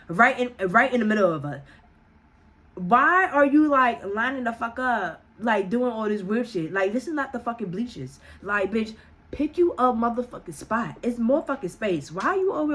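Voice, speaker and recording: A woman telling a casual story as a vlogger, animated and profane, laughing often and acting out the voices she quotes. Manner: acts out quoted voices with big pitch jumps.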